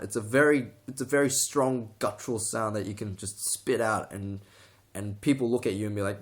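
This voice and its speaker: A man's voice: lowish voice, steady tone, brisk. A young man talking to the camera in a casual tutorial, rambling, restarting sentences and getting sidetracked. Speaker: vlogger.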